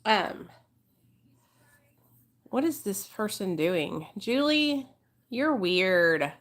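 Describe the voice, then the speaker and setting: Woman, 30s, livestream host; bright, candid, casual storyteller who swears freely. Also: mid-range voice, big pitch swings, very slow. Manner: chatty, emotional, swears freely, addresses viewers as y'all.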